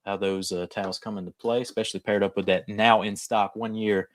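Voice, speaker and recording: A man hosting a casual livestream, hyped and promotional, with quick asides. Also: fairly low pitch, little pitch movement, no echo. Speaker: host.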